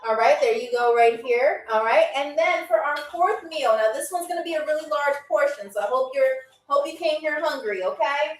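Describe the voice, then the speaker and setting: A woman's voice: sits high, normal speed, hardly any pauses, echoey room, recorded from a distance, rough recording. A woman hosting a live-stream game show, playful and chatty, talking straight to her viewers.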